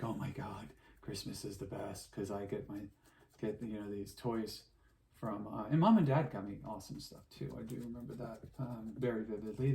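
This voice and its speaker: A man's voice: on the low side, gravelly, darkish tone, a little hiss or hum. A middle-aged man chatting casually while crafting, rambling through memories and laughing often. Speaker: artist and teacher.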